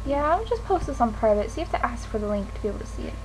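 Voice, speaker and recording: A woman's voice: a little high, big pitch swings, very fast, background noise. A teenage girl venting to camera in a frustrated, swearing rant. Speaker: vlogger. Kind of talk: ranting to camera.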